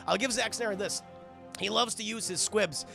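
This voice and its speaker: High, gravelly, excitable male streamer. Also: moderate pace, music in the background. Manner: excitable, profane, keeps addressing the chat. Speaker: film reviewer streaming to a chat. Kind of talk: casual live-stream movie recap.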